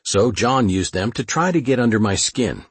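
A man narrating a first-person war memoir in a measured, matter-of-fact way. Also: mid-range voice, animated, husky, dry recording. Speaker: audiobook narrator.

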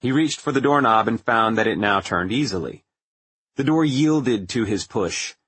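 A man reading a novel aloud as an audiobook narrator, in a measured, even storytelling manner. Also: on the low side, husky, dry recording. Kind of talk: scripted narration.

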